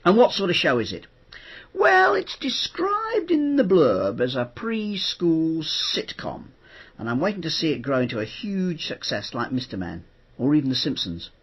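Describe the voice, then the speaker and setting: A middle-aged man chatting on his own podcast, animated and jokey, acting out quotes as he tells stories. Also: a little high, normal speed, breathy edge, lo-fi sound. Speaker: host. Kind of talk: chatty spoken podcast monologue.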